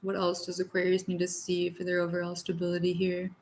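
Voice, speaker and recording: A woman's voice: fairly low pitch, completely flat delivery, fast, a little mellow, slight background noise. A young adult woman giving a casual tarot reading, talking in a blunt, profane, tough-love way. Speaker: tarot reader.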